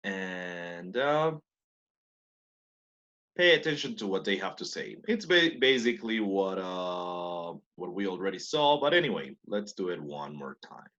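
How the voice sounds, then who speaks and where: A man teaching an online English class, explaining in English and Spanish with soft, hesitant fillers. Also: deep voice, very animated, unhurried, lo-fi sound.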